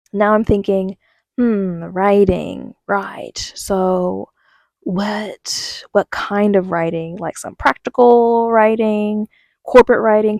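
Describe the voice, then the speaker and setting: A woman's voice: medium pitch, no echo. A young woman giving a casual life update on her vlog, telling stories with lots of fillers and acting out quotes. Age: young adult. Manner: animated storytelling, many fillers, quotes herself. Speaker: vlogger.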